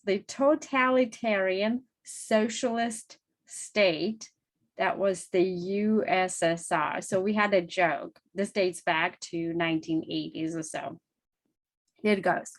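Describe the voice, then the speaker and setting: Slow, deliberate woman commentator. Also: mid-range voice. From former Soviet Union. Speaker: commentator hosting her own channel. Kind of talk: scripted political commentary to camera.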